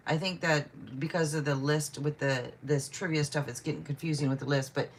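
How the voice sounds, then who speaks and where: A low-voiced woman speaks at a normal speed with fairly even intonation, a faint hiss or hum in the background. She hosts a tarot livestream and chats casually through viewer questions, greeting people by name and frequently apologizing.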